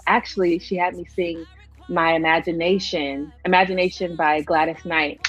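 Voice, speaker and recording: Young woman with a low, deep-toned voice. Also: a little slow. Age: young adult. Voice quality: deep tones. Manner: earnest storytelling, lively quoting. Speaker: singer guest. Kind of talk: casual interview chat. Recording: dull lo-fi sound with faint music.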